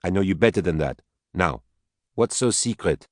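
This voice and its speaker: In a storybook reading, an earnest, searching wife presses her husband with one question after another, as a man voices her in a raised voice. Her deep-set delivery stays dry and close, with no room around it. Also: lively intonation, normal speed, darkish tone, no echo.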